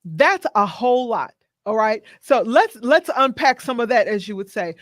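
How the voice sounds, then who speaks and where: A woman's voice: fairly high pitch, animated, moderate pace, no room sound, studio quality. A woman hosting a business interview, asking questions and backing her guest with short affirmations. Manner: encouraging, many short affirming "mm-hmm"s. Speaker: host.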